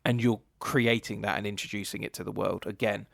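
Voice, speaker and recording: A man's voice: lowish voice, steady tone, fairly quick, vocal fry, fairly bright tone, dry recording, clean studio sound. A man co-hosting a podcast, rambling hesitantly with restarts about a film. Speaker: podcast co-host. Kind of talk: casual film review chat.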